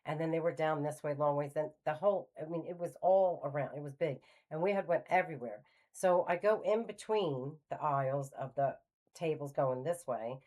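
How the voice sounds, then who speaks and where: A middle-aged woman telling a personal story in a casual, animated way, acting out the voices of the people she quotes. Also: low voice, moderate pace. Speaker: spiritual channel host.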